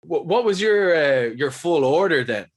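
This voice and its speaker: A man's voice: on the high side, lively intonation, normal speed, over music. A man with an Irish accent hosting a casual podcast chat, laid-back and jokey, swearing freely. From Ireland. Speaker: podcast host.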